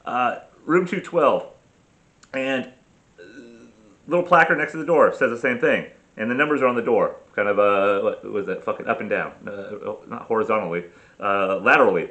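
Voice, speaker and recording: A man's voice: lowish voice, normal speed, bright, forceful tone. A middle-aged man from the United States telling a travel story in a casual vlog, profane and ranting, often cutting himself off. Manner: profane, ranting, self-interrupting. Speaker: travel vlogger.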